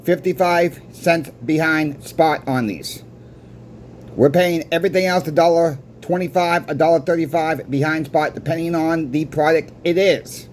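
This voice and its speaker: A man's voice: a little high, darkish tone, a little hiss or hum. A man who runs a coin shop, telling a story casually to camera and often stammering and restarting his words. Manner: stammers and restarts words while recounting a conversation.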